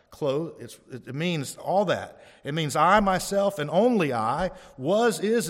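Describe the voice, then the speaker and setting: A man preaching a sermon as pastor, emphatic and rising on key phrases, asking the congregation for responses. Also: fairly high pitch. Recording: long hall reverb.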